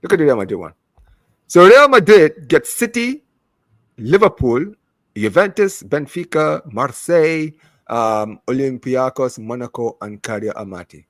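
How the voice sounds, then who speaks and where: A young man co-hosting a casual football talk show, animated and repeating words as he talks over his co-host. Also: medium pitch, moderate pace, no room sound, clean studio sound. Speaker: podcast co-host.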